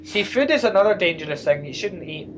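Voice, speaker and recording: A man's voice: high voice, expressive, quick pace. A man in a casual rambling chat, blunt and sarcastic, with the odd swear word. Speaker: co-host. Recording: lo-fi mic with faint noise.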